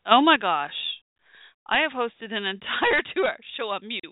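A woman's voice: fairly high pitch, animated, moderate pace, no room sound. Flustered woman hosting a call-in show. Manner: flustered, laughing, embarrassed. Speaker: talk show host. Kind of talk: call-in radio talk show. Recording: tinny phone-line sound.

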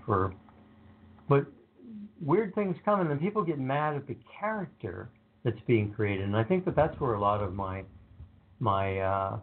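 A man in a casual conversation, telling anecdotes about his work in a relaxed way and acting out what others said. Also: mid-range voice. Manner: relaxed, anecdotal, acts out quotes. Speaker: author being interviewed. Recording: narrow phone-like sound.

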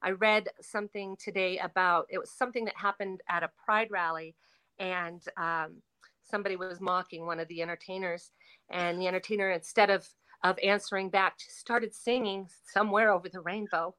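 Female guest, bright, clear voice, reflective, loops back on her own words. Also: on the low side, fairly even intonation, normal speed. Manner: reflective, repeats words, frequent restarts. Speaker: guest performer. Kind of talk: casual interview chat.

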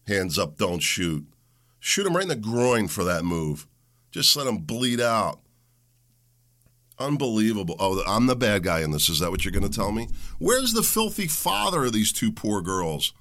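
Creaky, ranting talk-show man. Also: fairly low pitch, very animated, normal speed, fairly bright tone. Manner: angry, ranting; mocking voices for people he quotes. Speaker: podcast host. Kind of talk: opinion monologue.

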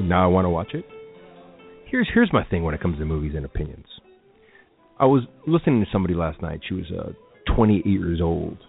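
A man hosting a film talk show, speaking casually and with strong opinions, rambling through asides. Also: low-pitched. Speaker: podcast host. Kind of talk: casual solo radio talk. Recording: tinny phone-like lo-fi audio with faint music.

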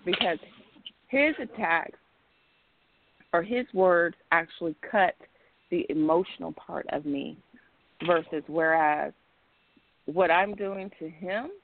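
A woman's voice: on the low side, slow, pauses often, a little hiss or hum. A woman calling in to a casual discussion show, explaining at length in an emphatic, repetitive, rambling way. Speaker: caller. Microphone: phone. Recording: tinny phone line.

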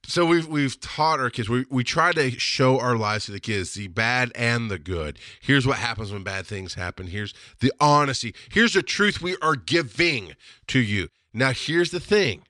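A man's voice: mid-range voice, lively intonation, normal speed, bright, forceful tone, dry recording, clean studio sound. A middle-aged man hosting a podcast, talking in a casual, rambling way and often breaking into laughter. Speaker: podcast host. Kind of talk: casual livestream monologue.

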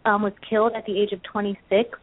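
A woman's voice: medium pitch, level tone, fast talker, no echo. A young woman from California calling in to a radio show, earnest and a little hesitant. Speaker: caller. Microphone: phone. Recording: dry phone-line sound.

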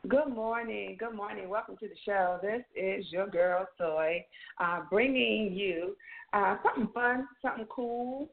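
A woman's voice: mid-range voice, unhurried, gravelly. A woman, hosting a casual morning talk show with upbeat, folksy greetings. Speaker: co-host. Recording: tinny phone-like audio.

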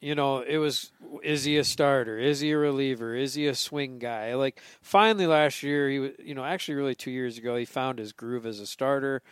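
A man's voice: mid-range voice, a little fast, few pauses, smooth, dry recording, studio quality. A man co-hosting a podcast in casual chat, agreeable and backing up his partner. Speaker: podcast co-host. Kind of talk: casual fantasy baseball chat.

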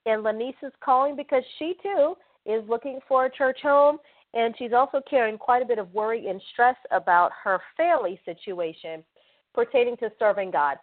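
A woman co-hosting a call-in show, introducing callers in a slow, measured way. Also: on the high side. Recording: tinny phone line.

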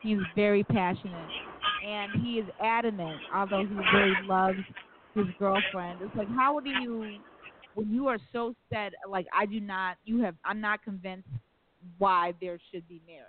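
A woman's voice: medium pitch, fairly even intonation, moderate pace, very noisy. Woman radio host over a phone-thin line. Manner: earnest storytelling, rambling asides. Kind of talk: call-in radio talk. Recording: phone-like, dry sound.

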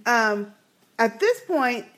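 A woman's voice: on the high side, takes it slowly. A woman co-hosting a podcast, recapping a TV episode in casual chat and acting out the characters' lines as she tells it. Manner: animated storytelling, acts out quotes. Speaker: podcast co-host.

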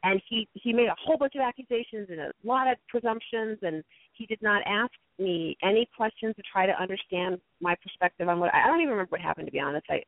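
A woman guest speaker telling lively stories about conflict in a casual interview, acting out quotes in a high voice. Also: no room sound. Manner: animated storyteller, acts out quotes in a high voice. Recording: dry tinny phone-like line.

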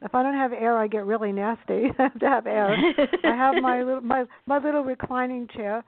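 Higher-voiced woman on a phone line. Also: a little fast, no echo. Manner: chatty, animated storyteller. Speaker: book reviewer guest. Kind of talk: casual chat on a call-in show.

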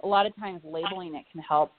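A woman's voice: on the low side, steady tone, quick pace, dry recording. Frank, swearing woman on a tinny line. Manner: candid, swears freely, laughs easily. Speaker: guest. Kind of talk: casual podcast chat. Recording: tinny phone-like line with faint noise.

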